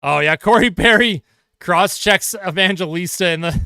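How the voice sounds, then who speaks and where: A young man calling hockey play-by-play as a fan on a live stream, getting excited over the action and chatting with his viewers in between. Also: sits high, moderate pace, smooth, no echo, clean studio sound. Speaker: livestream host and hockey fan commentator.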